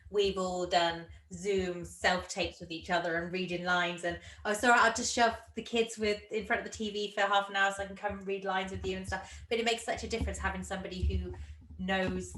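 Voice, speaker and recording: A woman's voice: mid-range voice, steady tone, fairly quick, a bit bright. A woman co-hosting a podcast, chatting casually and agreeing with her guest in a conversational way. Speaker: podcast co-host. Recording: echoey room.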